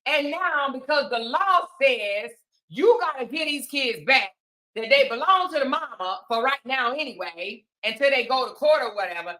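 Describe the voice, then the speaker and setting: High, bright-voiced woman host, sassy and mocking in her gossip commentary.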